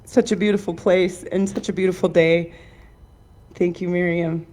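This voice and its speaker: A woman's voice: lowish voice, fairly even intonation, moderate pace. A woman speaking emotionally and chattily to the congregation before leading a song. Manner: emotional, warm, chatty with fillers. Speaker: singer and song leader. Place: outdoors. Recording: clear instrumental music behind.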